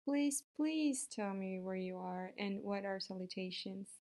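A woman's voice: mid-range voice, steady tone, measured pace, darkish tone, close to an everyday voice. A woman voicing an earnest, eager young male pig in a storybook reading. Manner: polite, pleading.

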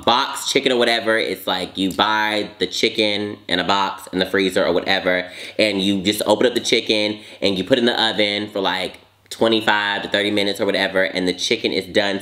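A young man hosting a casual mukbang vlog, sassy and animated, jumping high in pitch and then drawling low and slow. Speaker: vlogger.

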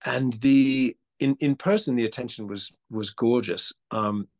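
A man's voice: medium pitch, measured pace. A male actor being interviewed, talking animatedly with stammering restarts, his accent a mix with an Australian tinge. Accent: mixed, partly Australian. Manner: animated, stammering restarts, laughs and mimics voices. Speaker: actor and guest. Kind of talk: casual interview chat.

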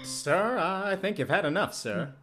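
A sinister carnival barker whose overly polite words drip with mockery, his voice sitting high and bouncing around his range. He belongs in an audio drama, with music under him. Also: animated, unhurried. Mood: mocking. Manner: taunting, oily, overly polite.

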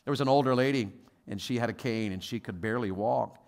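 Preaching as a guest pastor, a man with a gravelly, medium-pitched voice talks fast. He tells stories using quoted voices, shifting from quiet asides to loud exhortation.

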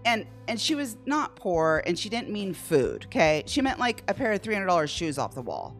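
A woman hosting a live slot stream from home, telling a story to her chat in an excitable way, laughing often and acting out what people said. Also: mid-range voice, normal speed, soft background music. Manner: animated, excitable, laughs often, acts out quotes.

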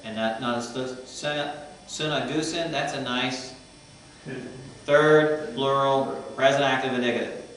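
A male professor talks through Greek grammar in a relaxed, explanatory classroom manner. He is heard from a distance in a very echoey room, with a faint hum underneath. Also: medium pitch, unhurried. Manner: explanatory, parses Greek forms aloud, conversational asides. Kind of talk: classroom lecture.

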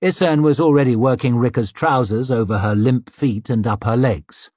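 Guy reading an audiobook, husky, dry close sound. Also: medium pitch, moderate pace, darkish tone, no echo. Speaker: audiobook narrator. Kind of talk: scripted narration.

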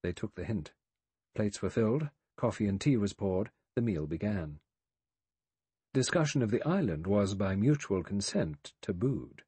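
Husky-voiced male audiobook narrator. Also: lowish voice, no echo. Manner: measured, even reading. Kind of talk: scripted narration.

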